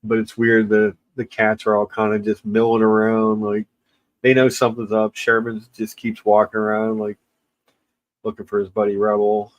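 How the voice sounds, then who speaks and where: A man with a somewhat low voice who is crying as he talks. He chats casually with viewers in a halting, tearful way, often stopping and starting over. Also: completely flat delivery, poor audio. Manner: halting, tearful, many restarts and pauses. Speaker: livestream host. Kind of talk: casual livestream chat with viewers.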